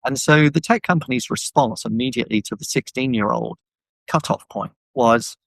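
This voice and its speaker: A man with a gravelly, creaky voice talks as an animated podcast guest, often slipping into quoted voices of the people he describes. His speech is full of "you know" and "um", and he sounds dry and close on a video call mic. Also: mid-range voice, moderate pace, dry recording, rough recording. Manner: animated, acts out quoted voices, many fillers. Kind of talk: casual conversational discussion. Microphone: video call microphone.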